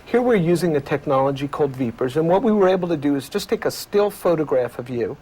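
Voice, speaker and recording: A male researcher giving measured, lecturing explanations in an interview. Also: on the high side, expressive, a little mellow, husky. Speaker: communication researcher.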